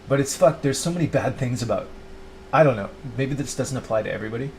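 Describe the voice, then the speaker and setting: A man's voice: mid-range voice, quick pace, slight background noise. Rambling middle-aged man venting to camera. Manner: rambling, full of "like" and restarts, self-pitying; quotes himself in mock voices. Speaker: YouTuber. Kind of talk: rambling confessional monologue.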